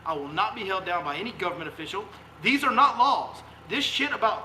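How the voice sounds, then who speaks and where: A man's voice: very high-pitched, lively intonation, a little fast, sharp tone, a little hiss or hum. A man, a fishing guide hosting a live stream, delivering a fiery, emphatic rant full of repeated rhetorical questions. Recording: echoey room sound.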